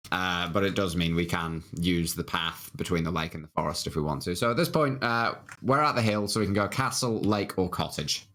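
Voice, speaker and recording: A man's voice: sits low, fairly quick, hardly any pauses, bright, forceful tone, a little hiss or hum. A man playing an old computer game on a live stream, reading its text aloud with lots of fillers. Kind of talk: casual game commentary.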